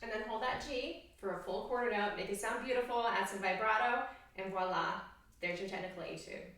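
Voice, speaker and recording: A woman's voice: medium pitch, fairly quick, over music. A woman oboe teacher explains an etude in a cheerful, encouraging way, now and then singing the rhythms aloud. Her voice sits in a middle range. The mic is a little way off, and the room gives a strong, ringing echo. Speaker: oboe professor. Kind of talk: instructional music lesson. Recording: very echoey room, distant mic.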